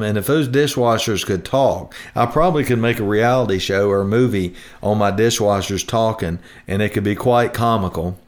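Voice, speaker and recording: Folksy man hosting a show. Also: on the low side. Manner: chatty, homespun, rambling with restarts. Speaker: retirement planning show host. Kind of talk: folksy radio talk.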